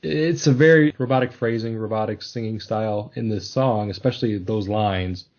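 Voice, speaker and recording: A man's voice: on the low side, moderate pace, a little mellow, highs cut off. A man hosting a casual podcast discussion, talking thoughtfully and hesitantly with many restarts. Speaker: podcast host.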